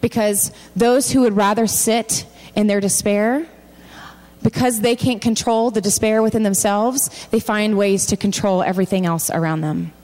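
A woman's voice: fairly even intonation, moderate pace, darkish tone, big-room sound. A woman giving a sermon at a church, reading scripture aloud and voicing the people in it. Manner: reads scripture aloud, acting out quoted voices with rising pitch. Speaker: speaker at a church. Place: large church hall.

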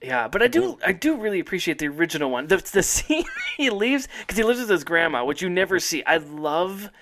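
A man's voice: high voice, big pitch swings, fairly quick, fairly bright tone, slight background noise. A man hosting a casual podcast chat, rambling enthusiastically and laughing often. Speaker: podcast host.

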